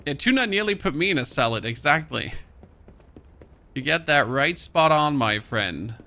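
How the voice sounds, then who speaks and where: A young German streamer with a light accent chats casually while gaming, reading item notes aloud and breaking into jumpy outbursts. His voice sits on the high side, sing-song, creaky, pushed and bright, at a moderate pace.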